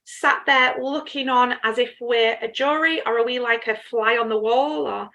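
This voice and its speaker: Bright, high-voiced woman interviewer. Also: moderate pace, lo-fi sound. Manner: warm, encouraging, with frequent affirmations and laughs. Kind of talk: casual interview chat.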